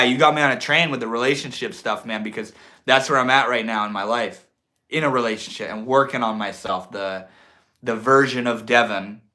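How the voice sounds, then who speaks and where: A young man hosting a livestream, talking in a reflective, drawn-out way and swearing casually. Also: medium pitch, bright, forceful tone. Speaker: livestream host.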